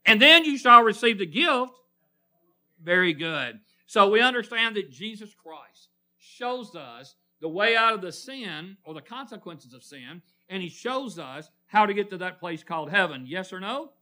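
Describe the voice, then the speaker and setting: A man's voice: high voice, expressive, normal speed, pushed and bright. A man preaching a sermon in church, asking the congregation questions and calling on people by name. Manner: calls on listeners by name, call-and-response questions.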